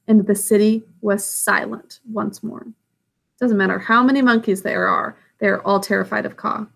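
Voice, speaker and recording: A woman's voice: medium pitch, steady tone, normal speed, vocal fry. A woman reading a story aloud, stopping to explain what is happening. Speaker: storybook reader.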